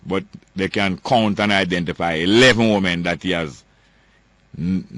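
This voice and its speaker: A Jamaican man on the mic, hammering his points home with emphatic repetition. His voice sits low, and the sound is dry and close with no room around it. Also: fairly bright tone, no echo. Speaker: talk show host. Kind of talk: political commentary.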